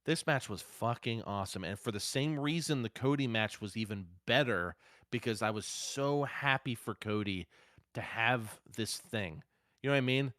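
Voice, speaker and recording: A man co-hosting a casual wrestling podcast, speaking at a middle pitch. He is excitable and swears freely, jumping from loud bursts to low asides. The recording is dry and close, with no room sound. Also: no echo. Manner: excitable, profane, swings loud and soft. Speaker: podcast co-host.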